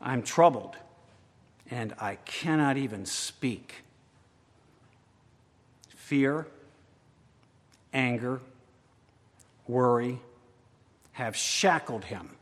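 A man's voice: mid-range voice, lively intonation, drawn-out words, pauses often. A man preaching a sermon, acting out a worried believer's voice in the first person. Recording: long hall reverb.

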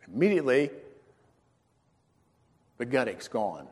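A man preaching a storytelling sermon in a folksy, animated way, acting out the dialogue in his story. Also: medium pitch, normal speed, long pauses, breathy edge. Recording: long reverb in a large hall.

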